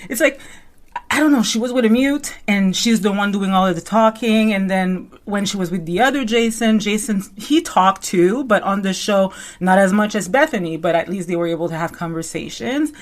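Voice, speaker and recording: Woman, average pitch, chatty unscripted commentary host, rambling with lots of filler. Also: moderate pace. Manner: rambling and conversational, full of "you know" and "like"; animated storyteller who acts out quotes.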